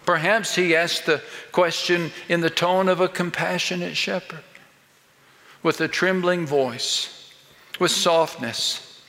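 A man's voice: high-pitched, steady tone, takes it slowly, pushed and bright. Older male pastor preaching in a reverberant hall. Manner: emphatic, building rhetorical questions. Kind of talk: sermon. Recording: long reverb of a large hall.

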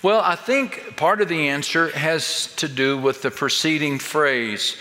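An older man delivers a sermon in a bright, forceful voice, driving home his point with pointed rhetorical questions. His slow, deliberate preaching rings out with a long reverb, as in a large church sanctuary. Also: a little high. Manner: emphatic, building rhetorical questions. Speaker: pastor.

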